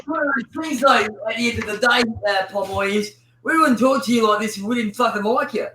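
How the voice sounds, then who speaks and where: A man's voice: very high-pitched, a little fast, bright, forceful tone, slight background noise, poor audio. A man with an Australian accent hosting a crude, rambling casual chat, swearing constantly. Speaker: host.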